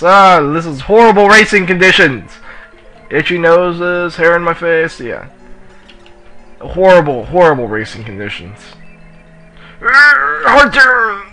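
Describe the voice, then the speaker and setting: A man giving casual let's play commentary while racing, excitable and yelling at the racers in the game, with a sore throat. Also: fairly high pitch, rough recording. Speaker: gamer playing on his channel.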